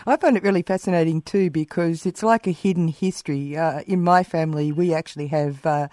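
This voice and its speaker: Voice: mid-range voice, steady tone, fairly quick, a little mellow, no echo, clean studio sound. A radio interviewer asking musing questions with many fillers.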